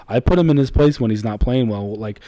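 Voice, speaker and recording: A man's voice: medium pitch, a little fast, dark tone, no echo. A man in his thirties co-hosting a casual chat, blunt and laid-back, swearing freely as he tells family stories. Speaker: podcast co-host.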